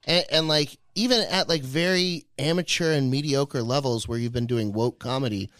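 A man's voice: medium pitch, a bit bright, dry recording, studio quality. A man, a comedian co-hosting, chatting casually and laughing easily on a podcast. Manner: quick to laugh, chatty reactions.

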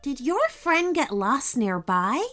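Casting: woman playing a sweet, polite young girl, high and eager, slow-spoken. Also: sing-song, fairly bright tone, faint music behind, full character voice. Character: polite kind seven-year-old girl.

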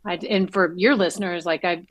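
Actress guest, woman, lively storyteller, dry close mic. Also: brisk, no room sound. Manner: animated, acts out quotes with big pitch jumps. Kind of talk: casual interview chat.

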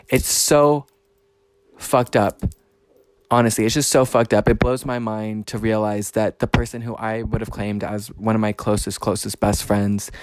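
Heated, cursing young man ranting. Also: on the low side. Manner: heated, profane, emphatic retelling with quoted confrontations. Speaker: vlogger. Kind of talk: angry storytime rant.

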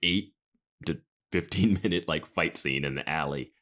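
A man with a very deep voice co-hosts a casual podcast. He laughs often and drifts off into side stories while he talks. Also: normal speed, fairly bright tone. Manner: laughs often, wanders into asides. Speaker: podcast co-host. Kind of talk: casual recap chat.

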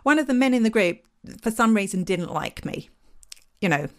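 A woman's voice: mid-range voice, expressive, moderate pace. A woman with an Essex accent co-hosting a podcast, chatting casually with frequent laughs and ranty asides. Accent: Essex English. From England. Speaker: podcast co-host.

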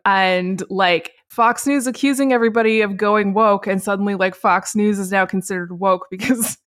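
Woman co-host, casual chat, lively asides, frequent laughter. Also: mid-range voice. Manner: animated, laughs often, quick asides. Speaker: podcast co-host.

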